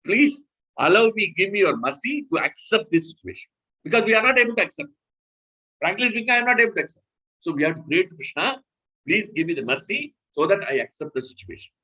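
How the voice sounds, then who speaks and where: Male preacher, emphatic, bright and slightly husky, lively intonation, scripture-class delivery. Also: on the high side, rough recording. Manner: animated, emphatic, self-correcting. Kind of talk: scripture lecture.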